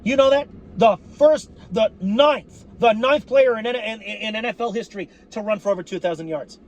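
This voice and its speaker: A man ranting as a sports fan vlogger, cursing freely and breaking into shouts, his voice going hoarse. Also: high-pitched, moderate pace, highs cut off. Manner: fired-up, cursing, shouting outbursts. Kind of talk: profane fan rant.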